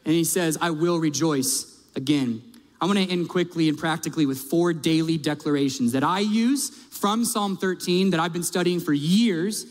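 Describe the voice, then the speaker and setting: Guy preaching a sermon, pretty high voice, chatty but emphatic, asks the crowd stuff, long hall reverb. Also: moderate pace, few pauses. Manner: conversational, emphatic preaching with direct questions to the audience. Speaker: pastor.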